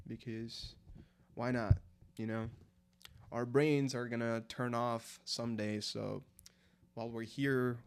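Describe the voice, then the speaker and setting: A man, chatting casually and rambling through a late-night live stream, answering chat as he goes. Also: medium pitch. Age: 20s. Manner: rambling, filler-heavy, answers chat aloud.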